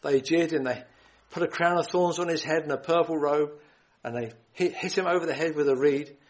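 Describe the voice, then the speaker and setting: An earnest male preacher with a slightly raised pitch, pleading with his listeners and quoting scripture in old-fashioned wording. He often repeats and restarts phrases and stops to clear his throat. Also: a little fast, rough recording. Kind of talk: gospel sermon.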